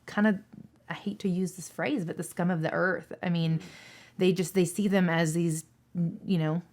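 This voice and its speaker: A woman in her thirties from Seattle answers interview questions as a dispatcher. She talks candidly and earnestly, repeating her points for emphasis. Her voice sits a touch low for a woman. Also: fairly even intonation, normal speed, a little mellow. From Seattle, Washington State.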